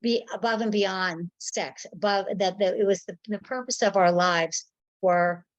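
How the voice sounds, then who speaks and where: A woman's voice: medium pitch, unhurried, no echo, highs cut off. A woman sharing a personal memory in casual talk, rambling and searching for words, on a video call.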